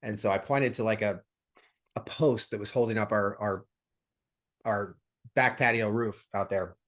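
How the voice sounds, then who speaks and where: A man's voice: on the low side, steady tone, measured pace, a bit bright. A man guest on a coaching podcast, telling anecdotes, repeating words as he thinks and voicing the people in his stories. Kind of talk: conversational interview.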